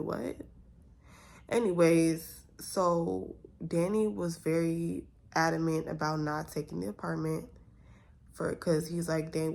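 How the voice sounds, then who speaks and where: A woman's voice: sits low, vocal fry, a little mellow. A young woman vlogger telling a story in a casual, exasperated way, full of rhetorical questions.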